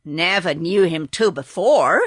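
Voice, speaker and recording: A woman's voice: lowish voice, expressive, measured pace, slightly rough, dry recording, studio quality. A woman voicing a nervous, stammering young farm boy in a storybook reading.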